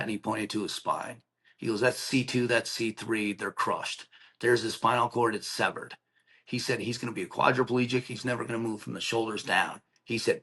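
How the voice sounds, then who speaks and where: A man's voice: medium pitch, fairly even intonation, moderate pace, bright, forceful tone, slightly rough. A middle-aged man, a podcast guest, telling an emotional personal story in a plainspoken, earnest way, acting out the voices of the people in it. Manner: acts out quoted dialogue, earnest and plainspoken.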